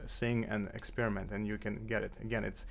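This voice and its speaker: Fairly quick and creaky, this man's low-leaning voice guides a casual clarinet lesson from inside his apartment. He stays relaxed, stumbling into fillers and restarts frequently.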